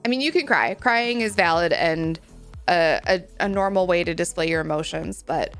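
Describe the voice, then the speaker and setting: A woman's voice: lowish voice, normal speed, a bit bright, soft background music. A young adult woman streaming live, chatting casually and bubbly, reading chat and using cutesy slang.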